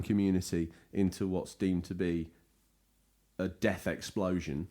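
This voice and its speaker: A man's voice: deep voice, little pitch movement, unhurried, dark tone. A man co-hosting a casual gaming podcast, teasing his co-host and slipping into hammy voice impressions. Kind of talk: jokey casual podcast chat.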